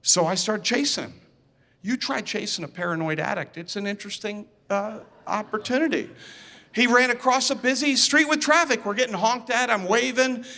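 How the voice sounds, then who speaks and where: Animated man telling a story on stage. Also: high-pitched, normal speed. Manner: animated, acts out dialogue, repeats words. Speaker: speaker. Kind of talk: storytelling talk to an audience. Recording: reverberant hall.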